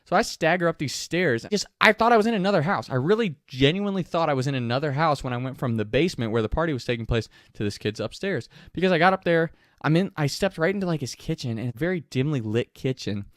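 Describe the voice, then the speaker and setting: A man casually telling a story, animated and profane, often laughing as he talks. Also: on the high side, fast, few pauses, no echo, clean studio sound.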